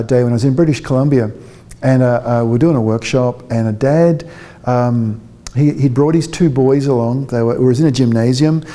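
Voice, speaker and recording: A man's voice: medium pitch, warm tone. A man giving a public talk to parents as a parenting consultant, chatty and joking, often checking in with his audience.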